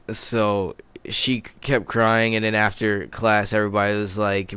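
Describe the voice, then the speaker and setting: A man's voice: fairly low pitch, flat delivery, a little slow, hardly any pauses, sharp tone, clear, resonant tone, no echo. A teenage boy telling a storytime vlog in a rambling, profane way, often restarting his sentences. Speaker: vlogger.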